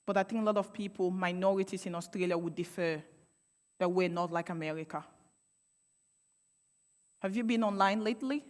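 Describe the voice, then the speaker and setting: A woman's voice: medium pitch, normal speed, pauses often. A young woman giving a public speech, impassioned and sarcastic, with rhetorical questions. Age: young adult. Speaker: panel speaker. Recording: long hall reverb.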